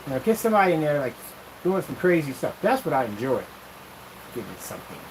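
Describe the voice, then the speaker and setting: A man rambling through a casual vlog while testing projection screen paint, animated, jokey and full of tangents. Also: on the high side, quick pace, background noise.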